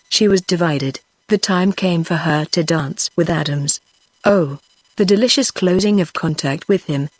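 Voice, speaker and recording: A woman's voice: on the low side, darkish tone, no room sound. Synthetic British woman reading a story. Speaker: narrator. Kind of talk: text-to-speech audiobook reading.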